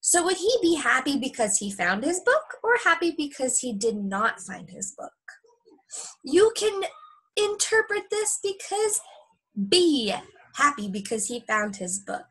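Young woman teacher at home, high and animated, reading to kids. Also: a little slow, low-quality recording. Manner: chatty, lively storytelling. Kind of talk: recorded lesson reading aloud to young kids.

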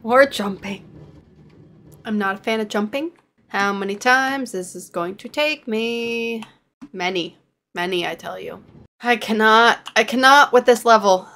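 A woman's voice: a little high, measured pace, fairly bright tone. A woman giving running commentary on her own gameplay, exasperated and self-mocking as she fails and retries. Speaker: gaming channel host.

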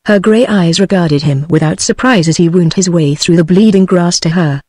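A woman's voice: on the low side, moderate pace, slightly rough, no room sound, studio quality. Synthetic British female audiobook narrator. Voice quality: synthetic text-to-speech voice. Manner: flat, even reading. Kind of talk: scripted narration.

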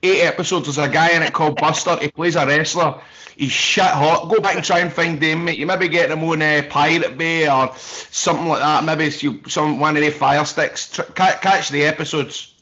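A man's voice: on the high side, fairly even intonation, moderate pace, sharp tone. A man, co-hosting a podcast with rambling, joking banter. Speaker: podcast co-host. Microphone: home call over video chat. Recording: dull lo-fi internet call audio.

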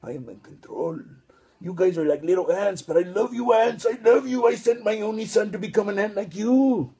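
A man voicing God in a sermon, speaking first in a low hush, then in a fond, higher tone. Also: normal speed, breathy edge. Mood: tender. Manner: low hush rising to fond, high-pitched warmth. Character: God, vast and in control, tender toward people.

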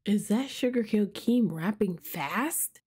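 A woman of middling pitch hosts a casual reaction video, chatting in an upbeat, slangy way. Music plays faintly behind her. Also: expressive, slow pace.

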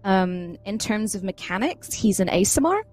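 A woman's voice: medium pitch, moderate pace, faint music behind. A woman playing a tabletop role-playing game, introducing her character and joking about her own in a chatty, self-mocking way. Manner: chatty, self-deprecating, animated. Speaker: player.

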